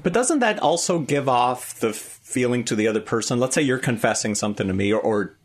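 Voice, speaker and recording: Lively, inquisitive man, pitch moving a lot. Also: fairly quick. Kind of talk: casual chat.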